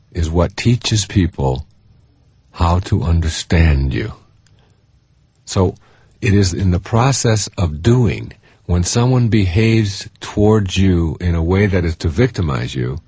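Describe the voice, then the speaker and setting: A man's voice: sits low, mellow, breathy edge, no room sound. A middle-aged man giving a recorded self-help lecture, earnest and emphatic, building his points through repetition.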